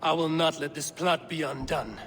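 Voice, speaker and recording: A man playing a steady Viking raider. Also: on the high side, a little hiss or hum, lightly acted. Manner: measured, plain-spoken.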